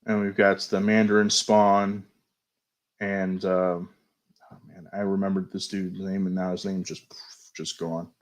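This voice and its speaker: Low-voiced man casually reviewing toys. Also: flat delivery. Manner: chatty, unhurried, often hedges and fumbles for names. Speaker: toy show host. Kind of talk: casual toy news review.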